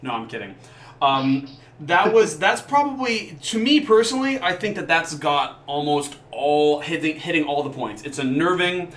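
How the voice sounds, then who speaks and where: A man's voice: a little high, animated, normal speed, fairly bright tone, reverberant. A man co-hosting a casual podcast, talking enthusiastically and rambling between points. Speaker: podcast co-host. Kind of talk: casual chat.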